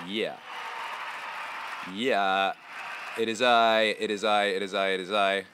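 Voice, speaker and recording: A man's voice: fairly low pitch, flat delivery, slow, pauses often, a little hiss or hum. Playful man hosting a chat stream. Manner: playful, repetitive riffing and shout-outs. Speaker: show host. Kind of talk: casual livestream chat, reading viewer comments.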